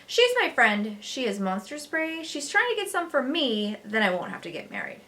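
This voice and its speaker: A woman reads as a blabbing preschool boy, pitched up and eager. His voice is bright and lively, bouncing all over as he tattles. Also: moderate pace, heavily acted. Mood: chattering. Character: chatty little preschool boy who loves to tattle.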